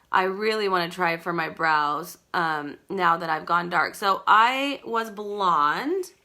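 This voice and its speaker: A talkative woman runs a live makeup tutorial from home. Her voice is strikingly bright and ringing. She rambles as she works and chats with viewers by name. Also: mid-range voice. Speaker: makeup seller demonstrating products.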